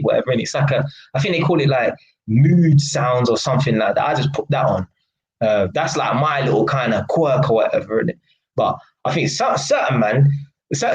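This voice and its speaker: Blunt young man with slang. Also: fairly high pitch. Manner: blunt and mocking, London slang, frequent laughs. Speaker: live stream host. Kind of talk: casual live stream chat. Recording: echoey room.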